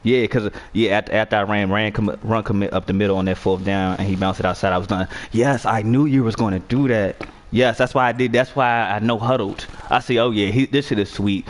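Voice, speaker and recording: A man's voice: fairly low pitch, steady tone, fairly quick, few pauses. Young male gamer, trash-talking, profane and argumentative, heated running commentary.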